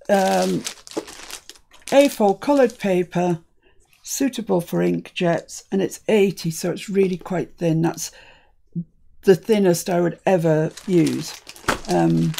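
A woman's voice: medium pitch, creaky, mellow, slight background noise. A British woman hosting a crafting tutorial, chatting and thinking aloud as she works. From United Kingdom.

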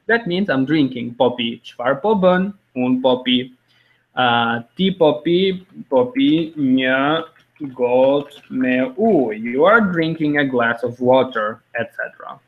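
A man teaching a live online language lesson, explaining slowly and repeating example phrases. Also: medium pitch, phone-quality sound.

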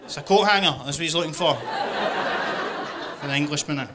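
A man's voice: a little high, fairly quick, very noisy. A man with a Scottish accent performing a stand-up comedy routine in a chatty, punchy way, often tagging lines with questions.

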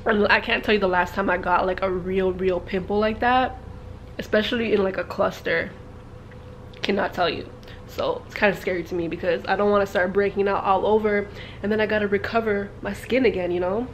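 A woman chats to her camera in a relaxed, everyday vlog voice at a middle pitch. She talks freely and laughs easily. A steady hiss of noise runs under her voice. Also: brisk, highs cut off. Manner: chatty, laughing, loud and lively when out with friends. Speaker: vlogger. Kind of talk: casual vlog chat.

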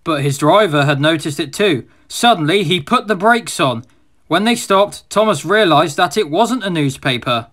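A man's voice: on the high side, animated, moderate pace, fairly bright tone. Man narrating a storybook aloud.

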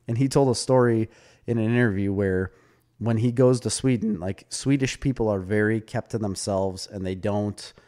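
A man's voice: on the low side, normal speed. A man co-hosting a podcast, casually reviewing a movie and retelling anecdotes with laughter. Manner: animated storyteller, retells anecdotes with quoted voices; laughs often. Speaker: podcast co-host.

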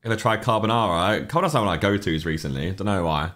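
A man's voice: deep voice, lively intonation, rapid-fire, fairly bright tone. A young man, casually chatting on a livestream, rambling and reacting to chat messages with offhand opinions.

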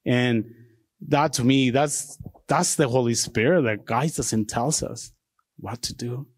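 Man, middle-aged, deacon preaching, heartfelt, mid-pitched voice, dry sound. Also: measured pace, slightly rough, dry recording. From Mexico. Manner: earnest, heartfelt, with restarts. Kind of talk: testimony sermon.

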